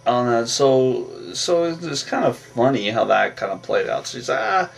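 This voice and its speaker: A man's voice: medium pitch, expressive, normal speed, vocal fry, distant mic. A man casually recapping a movie plot in a rambling way, with lots of fillers and restarts. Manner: rambling, filler-heavy retelling with repeated "on that". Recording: voice from away from the mic with faint music.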